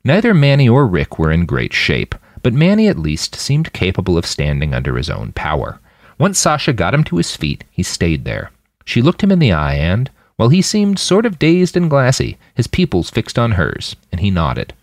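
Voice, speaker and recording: A man narrating his own serialized fiction in an expressive storytelling manner, close to the mic. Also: lowish voice, normal speed, no room sound. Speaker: podcast fiction reader. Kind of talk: audiobook narration.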